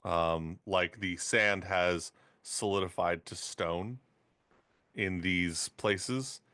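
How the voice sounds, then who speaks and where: A man running a tabletop game as game master, setting scenes in slow, descriptive narration. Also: low voice, pushed and bright, no echo, clean studio sound.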